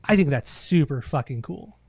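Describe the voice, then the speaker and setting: A man's voice: a little high, lively intonation, moderate pace, a little mellow, husky, dry recording. A man co-hosting a casual podcast, telling loose, profane stories and acting out quotes. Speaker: podcast co-host. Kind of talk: casual chat.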